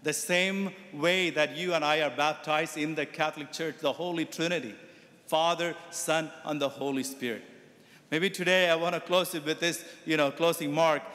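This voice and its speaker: A man's voice: on the high side, steady tone, moderate pace, fairly bright tone. A man, a Catholic priest, giving a sermon that mixes teaching with a told story. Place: Catholic church. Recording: echoey church reverb.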